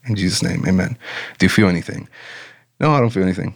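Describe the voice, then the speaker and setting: A man guest telling a personal story in a casual interview, animated and enthusiastic, with a relaxed manner. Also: sits low, fast, gravelly, pauses often, slightly rough. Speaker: business owner and guest.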